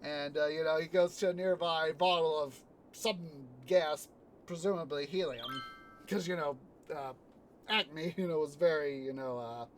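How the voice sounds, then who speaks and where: While playing a city-building game on stream, a man chats casually and rambles, full of fillers and restarts, retelling film scenes complete with sound effects. His voice is a little high and a little slow, over a faint hiss or hum.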